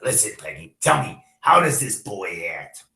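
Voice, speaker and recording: A man's voice: fairly low pitch, very animated, measured pace, creaky, pushed and bright, pitched above the performer's own voice, full character voice. A man voicing a suspicious male investigator who presses with questions, read aloud to a class. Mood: probing. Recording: echoey room.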